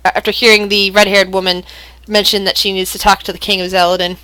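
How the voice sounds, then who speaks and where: A woman's voice: medium pitch, flat delivery, fast, sharp tone, dry recording. Dry, stammering woman game master. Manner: stammering, restarting narration. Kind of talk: narrating a tabletop game.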